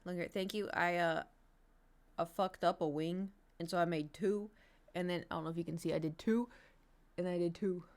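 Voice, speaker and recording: A woman's voice: lowish voice, fairly even intonation, moderate pace. A woman streamer chatting casually to her viewers, ranting and swearing freely. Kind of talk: casual live-stream chat.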